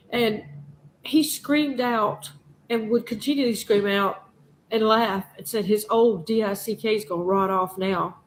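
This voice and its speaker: Fiery, swearing woman vlogger, a bit high. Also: a little hiss or hum, rough recording. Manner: impassioned, profane ranting. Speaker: news vlogger. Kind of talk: emotional monologue to camera.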